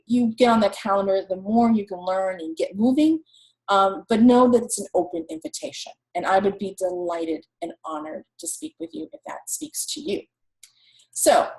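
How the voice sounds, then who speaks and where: A woman's voice: medium pitch, vocal fry, poor audio. A woman teaching marketing on a webinar, chatting effusively and reading out viewer comments over a video call. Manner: warm, effusive, chatty with fillers.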